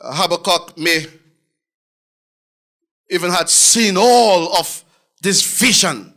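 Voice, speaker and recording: A man preaching a fervent sermon as pastor, in a sing-song, shouting style with frequent fillers and repeated words. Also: sits high, animated, takes it slowly.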